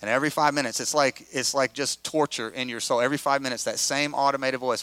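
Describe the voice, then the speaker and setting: A middle-aged pastor tells a story to his listeners, animated and conversational, acting out the quotes as he goes. His voice is bright and crisp, fairly high for a man. The sound is dry and close. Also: fast, hardly any pauses, no echo. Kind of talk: storytelling sermon.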